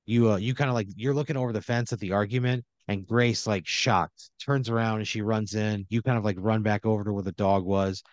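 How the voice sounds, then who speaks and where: Low-voiced man rambling through a story. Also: steady tone, fairly quick, few pauses, no echo, highs cut off. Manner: rambling, filler-heavy storytelling. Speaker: scenario narrator. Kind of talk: improvised role-play narration.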